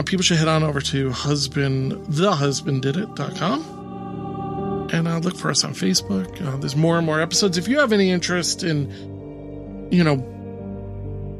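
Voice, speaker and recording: Podcast co-host, male, slightly high voice, rambling and filler-heavy, clear music bed behind. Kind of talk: casual chat.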